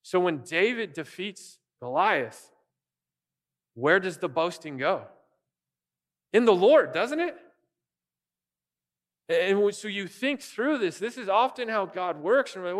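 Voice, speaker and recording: An earnest man preaches with animation, his fairly high voice ringing through a church sanctuary. A long hall reverb trails after his words, and he often restarts his phrases. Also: animated, takes it slowly, pauses often. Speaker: pastor. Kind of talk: sermon.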